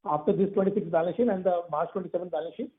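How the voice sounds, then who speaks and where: A man's voice: sits high, rapid-fire. A man with an Indian English accent, a company executive answering analyst questions on an earnings call, hesitant and repeating himself. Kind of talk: conference call Q&A. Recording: tinny phone line.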